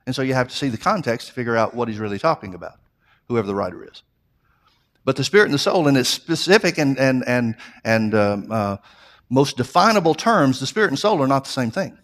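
A pastor preaching a sermon in an earnest way, often restarting phrases and building emphasis. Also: male voice, mid-range voice, sing-song, brisk, a bit bright. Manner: repeats himself, restarts phrases.

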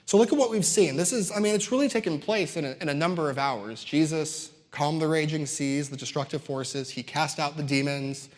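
A man's voice: fairly high pitch, fairly quick, hardly any pauses. A man preaching a sermon, emphatic and building his points through repetition, with casual asides to the congregation. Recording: long hall reverb.

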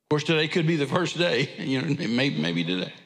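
A man's voice: fairly high pitch, sing-song, a little fast, fairly bright tone, big-room sound. A man, preaching an informal, rambling sermon in a church and repeating phrases for emphasis. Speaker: traveling preacher. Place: church sanctuary.

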